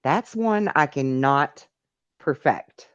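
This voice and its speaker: A woman's voice: sits low, animated, slow, no room sound, dull audio. A middle-aged woman hosting a live call-in stream, chatting casually and reading viewer messages aloud. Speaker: live call-in show host.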